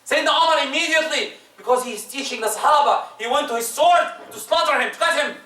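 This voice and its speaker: A man delivers a Friday sermon in a strikingly high, bright voice, pushing hard on key words and then dropping low and soft. He sounds like he is in a reverberant prayer hall, picked up from some distance by the mic. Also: quick pace. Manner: emphatic, swinging between loud rises and soft drops. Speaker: preacher. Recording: echoey room, distant mic.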